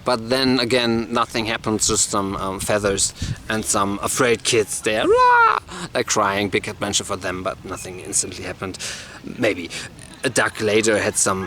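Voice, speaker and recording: A man's voice: medium pitch, fairly bright tone, slight background noise. A man telling a long rambling joke story, full of fillers and restarts.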